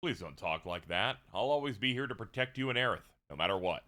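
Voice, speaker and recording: A man doing a doting gentle professor-father. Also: on the low side, lively intonation, fairly quick. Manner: doting, tender. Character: gentle devoted male professor and new father.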